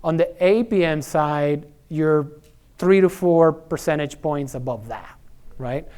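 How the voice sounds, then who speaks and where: A man's voice: on the high side, slow, a little mellow, smooth. Conversational man presenting at a conference. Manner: conversational, frequent fillers and repeated words, tag questions. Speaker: energy services executive presenting.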